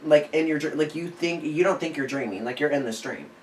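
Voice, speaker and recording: Speaking a little fast in a fairly high voice, a young man co-hosting a podcast rambles through a story in casual conversation, leaning heavily on "like." The sound is echoey, the mic distant, with faint hiss.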